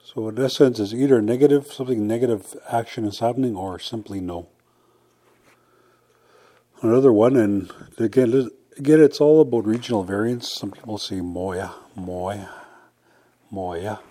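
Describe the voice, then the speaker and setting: A man's voice: medium pitch, moderate pace, dark tone. A man teaching a language on a podcast, patiently saying each word several times over. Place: southern plains Cree area.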